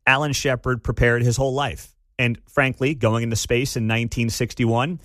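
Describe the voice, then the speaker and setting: A man's voice: medium pitch, fairly even intonation, moderate pace, fairly bright tone, no room sound, clean studio sound. A man hosting talk radio, ranting sarcastically and mocking a clip he plays. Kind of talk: opinionated talk radio commentary.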